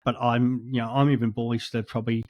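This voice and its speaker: A man's voice: medium pitch, flat delivery, fast, dry recording, dull audio. A man with an Australian accent talking casually as a podcast guest, with frequent ums and restarts. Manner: hesitant, lots of ums and restarts.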